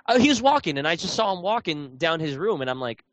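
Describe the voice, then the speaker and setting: A man's voice: on the high side, big pitch swings, fast talker, fairly bright tone, no room sound. A man chatting casually about a video game, rambling with lots of fillers and restarts. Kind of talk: casual chat.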